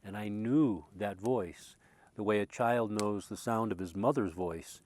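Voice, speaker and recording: Low-voiced man telling an emotional story. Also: measured pace, slight background noise. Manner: earnest, emotional, often repeating words as he restarts; swings from loud passionate recalling to quiet, hushed tones. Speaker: spiritual speaker. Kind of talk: reflective personal storytelling.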